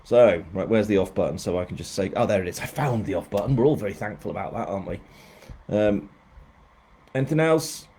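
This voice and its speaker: A man's voice: on the low side, lively intonation, brisk, mellow, slight background noise. A man, an author chatting casually on a live stream, rambling and poking fun at himself. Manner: rambling, self-mocking.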